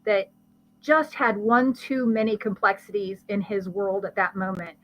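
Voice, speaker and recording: A woman, a guest expert, explaining brain science in conversation with a lively teaching manner and vivid everyday examples. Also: mid-range voice, unhurried, poor audio. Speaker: guest expert on ADHD and learning.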